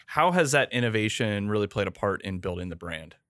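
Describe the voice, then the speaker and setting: Male host, low pitch, encouraging interviewer tone. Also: expressive, fairly quick, fairly bright tone, no echo, studio quality. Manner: encouraging, asks open questions. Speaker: podcast host. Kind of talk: casual podcast interview.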